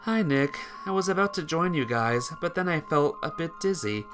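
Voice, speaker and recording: A man voicing a dizzy, slurring young woman in a game story, with soft, faltering, apologetic delivery. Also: on the high side, animated, moderate pace, over music, voice pushed up, natural voice. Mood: weak, pleading.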